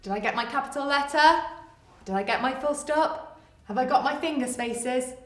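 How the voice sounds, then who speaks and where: A woman's voice: high voice, moderate pace. A woman teacher with an English accent giving a playful writing lesson to young children, talking in a sing-song, exaggerated way. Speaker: primary school teacher. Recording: echoey room.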